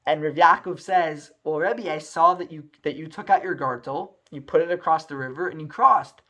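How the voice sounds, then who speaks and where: A man's voice: a little high, normal speed. A man telling a story aloud, acting out the characters' lines with lots of feeling and frequent restarts. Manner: animated, acts out dialogue with many restarts. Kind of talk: storytelling narration.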